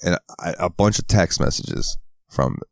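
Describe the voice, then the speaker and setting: In clean studio sound with no echo, a man from the American South co-hosts a podcast, telling stories casually, swearing often and acting out quotes in a raised voice. His deep voice is creaky and moves at a measured pace.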